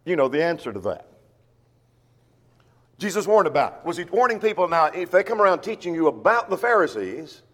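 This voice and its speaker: A man's voice: fairly high pitch, big-room sound. A man preaching a Bible sermon, teaching verse by verse and repeating key phrases for emphasis. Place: church.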